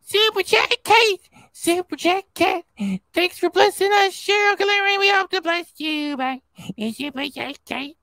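A man voicing a cheerful male cat mascot who thanks donors, with squeaky exclamations and meows. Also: unhurried, pushed and bright, dry recording, exaggerated voice, poor audio. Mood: excited.

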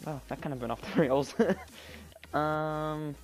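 A man giving chatty let's-play commentary, rambling and getting excited as he plays. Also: mid-range voice, normal speed. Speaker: gameplay commentator. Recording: quiet background music. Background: faint background music.

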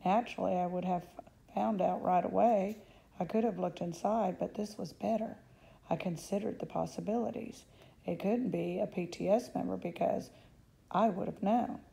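A woman reading a children's novel aloud, lifting her voice for the young narrator's excited thoughts. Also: mid-range voice, normal speed, vocal fry, poor audio. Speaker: audiobook reader.

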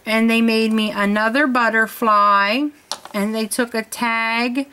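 A woman's voice: fairly high pitch, fairly even intonation, slow pace, sharp tone, slight background noise. An older woman from her home, gushing over handmade craft gifts in a casual show-and-tell vlog, often searching for words. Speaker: crafting vlogger. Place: home in Florida.

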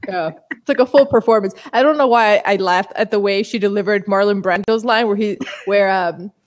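A woman's voice: mid-range voice, fairly quick. A woman who is a guest on a casual book discussion podcast, chatting in a loose style full of fillers. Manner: chatty, uses many fillers.

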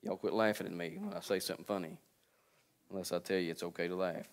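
A pastor in his forties preaching a sermon. He jokes with the congregation and calls out to them, swinging between quiet, low asides and loud, high preaching. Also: fairly even intonation, fast. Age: 40s. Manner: joking and calling out to the congregation.

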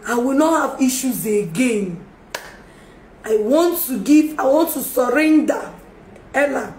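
With a high, darkish voice, lively intonation, and a measured pace, a woman pleads in an emotional live stream. She is a livestreamer making a public apology, repeating her apologies and requests for forgiveness. A phone captured it in an echoey room with faint background noise.

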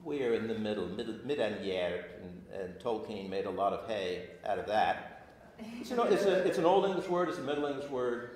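A man's voice: lowish voice, a little fast, a little hiss or hum. A man teaching an adult class, reading old verse aloud and explaining it in an informal lecture, often stopping and restarting. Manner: animated, stops and restarts often. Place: church classroom. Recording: echoey room.

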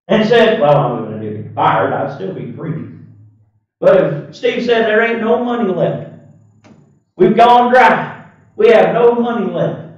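A man preaches a fiery sermon, climbing from low, measured points into shouting fervor. His fairly high voice sits far from a webcam microphone, so it comes through dull and washed in heavy church reverb. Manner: impassioned, rising to shouts and dropping low. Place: church sanctuary. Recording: echoey webcam audio from across the room.

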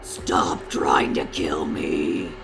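A woman voicing an evil giant bear villain in a slow, menacing, gravelly whisper. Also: a bass voice, steady tone, voice pushed down, full character voice. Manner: slow, menacing, gloating laugh. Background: game music.

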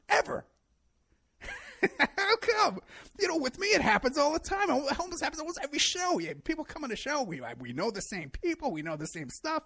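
Middle-aged male host, gravelly voice, rambling sarcastic monologue, lively pitch. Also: brisk. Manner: rambling, sarcastic, laughs at his own points. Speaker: show host. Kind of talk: solo monologue commentary.

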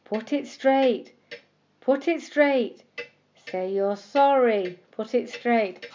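A woman voicing an old ticking clock in a storybook, chanting its words slowly in a sing-song way. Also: a little high, a little mellow, lo-fi sound, a little hiss or hum. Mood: admonishing.

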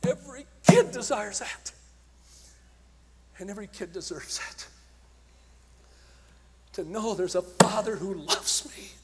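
A man's voice: high-pitched, animated, a little slow, pauses often, noisy background. Impassioned male preacher in a reverberant hall. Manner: impassioned storytelling, swinging from shouts to hushed tones. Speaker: evangelist speaker. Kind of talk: conference sermon with stories. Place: large conference hall.

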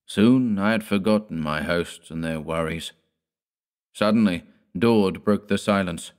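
A man reads a gothic horror tale aloud with measured, deliberate delivery. His voice sits very low. He tells it as a classic audiobook storyteller. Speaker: audiobook narrator.

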